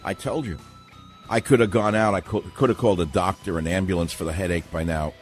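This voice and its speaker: A man's voice: low-pitched, fast talker, faint music behind. A man hosting a radio talk show, ranting sardonically in a monologue.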